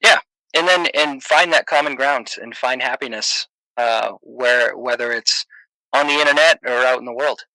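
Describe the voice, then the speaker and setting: Earnest man with a bright voice. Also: medium pitch, moderate pace, no echo, low-quality recording. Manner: earnest, rambling with restarts. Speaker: podcast guest. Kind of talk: casual chat.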